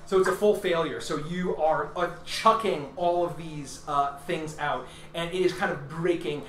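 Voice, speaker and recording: A man's voice: on the high side, normal speed, a little hiss or hum. A man narrating as game master in a loose, laughing way with many fillers, recorded far from the mic in an echoey room.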